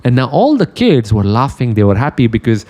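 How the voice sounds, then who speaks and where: A man giving a motivational talk, telling a story in an animated way and acting out the characters' quoted words. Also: mid-range voice, a little fast. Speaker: motivational speaker.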